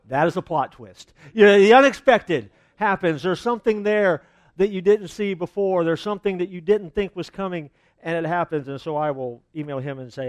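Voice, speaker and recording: A male pastor preaching a sermon in a relaxed, conversational way, full of fillers and asides. His voice sits higher than most men's. The sound is close and dry, with no room echo. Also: normal speed. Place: church.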